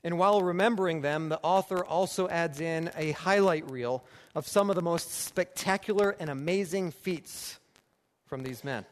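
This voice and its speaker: Higher-voiced man preaching in a reverberant room. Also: normal speed. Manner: emphatic, repeating phrases for rhetorical build. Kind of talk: sermon. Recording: long reverb with faint background noise.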